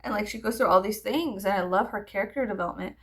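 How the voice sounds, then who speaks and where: A woman in her thirties talks casually as she gets ready, wandering from thought to thought and swearing freely. Her voice sits at a middle pitch with a gravelly, creaky edge. She keeps things loose and jokey, often undercutting herself. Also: quick pace, a bit bright. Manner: rambling, profane, jokey. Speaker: vlogger. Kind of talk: casual get-ready-with-me chat.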